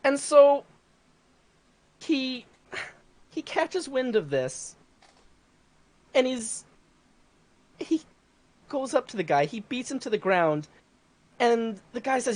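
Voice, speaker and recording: Animated woman telling a story. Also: a little high, slow pace, pauses often. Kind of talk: casual chat, storytelling.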